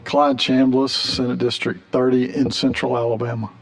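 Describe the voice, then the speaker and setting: A man's voice: mid-range voice, flat delivery, moderate pace. A man, a state senator, earnestly thanking witnesses at a budget hearing.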